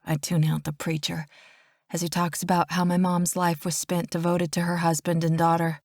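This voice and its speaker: Low-voiced female audiobook narrator. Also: monotone, moderate pace, a little mellow, no room sound, studio quality. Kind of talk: scripted first-person narration.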